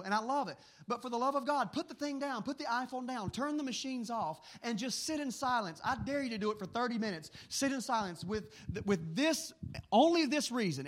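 A man preaching and telling stories in an earnest, animated way, often repeating words as he goes. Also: high-pitched. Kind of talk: storytelling sermon.

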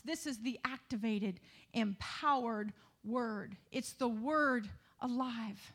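A woman preaching a sermon, moving from conversational asides to the congregation into loud, rising emphasis with calls of hallelujah. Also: fairly high pitch, slow, few pauses.

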